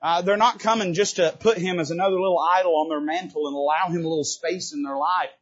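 High-voiced husky man preaching a sermon. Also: fairly even intonation, fast, lo-fi sound. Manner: emphatic, swinging from loud bursts to quiet asides; quips to the congregation. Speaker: Baptist preacher. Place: church sanctuary at the pulpit.

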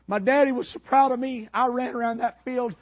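High husky preacher man, animated. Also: a little fast, dry recording, highs cut off. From Georgia, US. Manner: animated, building to shouted peaks. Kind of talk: sermon storytelling. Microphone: worn microphone.

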